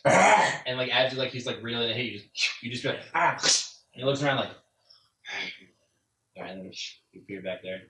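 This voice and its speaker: A man's voice: mid-range voice, a little fast, long pauses, bright, forceful tone, slight background noise. A man narrating as game master in a casual, rambling way, full of "like"s, recorded in an echoey room from a distance. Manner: casual, filler-heavy narration with many "like"s.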